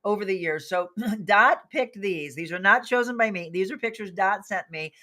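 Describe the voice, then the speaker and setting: A woman's voice: mid-range voice, normal speed, sharp tone. A woman hosting a talk show, chatting casually, laughing easily and restarting her sentences. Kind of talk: casual chat.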